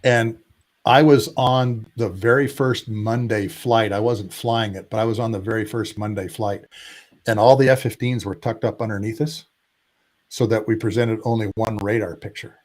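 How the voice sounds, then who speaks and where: A man in his sixties, retired aviator, guest spot, animated storyteller with a lowish voice and emphatic drawn-out lists. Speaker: retired Air Force tanker pilot, guest. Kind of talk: casual storytelling interview.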